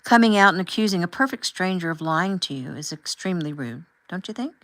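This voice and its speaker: A woman voicing a calm, firm husband and father who asks measured, pointed questions as he confronts a chaperone in an audiobook. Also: high-pitched, exaggerated voice, low-quality recording. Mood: firm rebuke.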